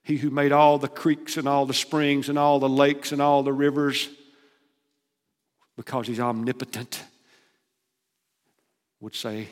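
A man preaching a sermon, shifting between emphatic, loud declarations and hushed, quiet passages. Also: mid-range voice, flat delivery, a little slow, long pauses. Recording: long hall reverb.

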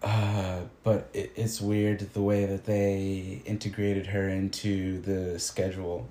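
A man's voice: sits low, level tone, slow, warm tone. A man teacher talking casually and reflectively, often hesitating and restarting sentences. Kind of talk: casual conversation. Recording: echoey room with faint noise.

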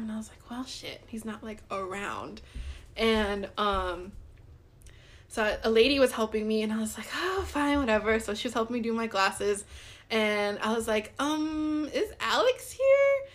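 A woman's voice: mid-range voice, a bit bright. A young woman co-hosting a podcast, telling a dating story in a casual, chatty way, full of "like" and acted-out quotes. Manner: chatty, many "like"s, acts out quoted dialogue. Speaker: podcast co-host.

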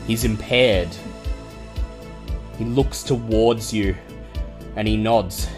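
A man narrating a tabletop game as game master, in a measured, descriptive way. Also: lowish voice, fairly even intonation, music in the background.

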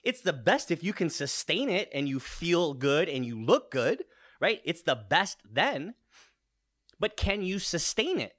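A man's voice: on the high side, big pitch swings, unhurried, a bit bright. A man in his late thirties with a runny nose, giving a casual fitness vlog, swearing now and then and firing rhetorical questions at his viewers. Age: 30s. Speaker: fitness vlogger.

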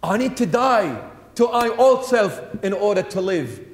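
Male bishop preaching; high, emphatic delivery with rhetorical questions; church hall, roomy and reverberant. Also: lively intonation, unhurried. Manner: emphatic, repeats phrases, asks rhetorical questions. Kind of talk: sermon.

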